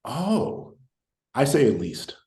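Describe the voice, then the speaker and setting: A man in his thirties, a mathematician, giving quick decisive answers in an interview and sometimes thinking aloud with pauses. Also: medium pitch, sing-song, dark tone. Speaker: guest, mathematician. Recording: roomy, echoey sound.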